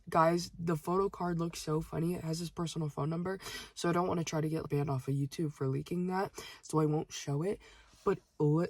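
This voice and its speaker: Brief: young woman, lowish pitch, husky, casual storytime chat, close dry sound. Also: no echo. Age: young adult. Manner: chatty, goes off on exasperated ranting asides. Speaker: vlogger telling a story.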